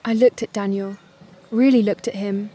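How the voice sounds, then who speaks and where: Calm woman narrating a drama story. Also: mid-range voice. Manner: measured, calm, dramatic pacing.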